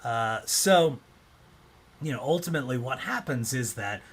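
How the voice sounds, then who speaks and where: A man's voice: medium pitch, animated, unhurried, breathy edge. A man presenting a casual explanatory talk, loose and conversational, often acting out quoted reactions.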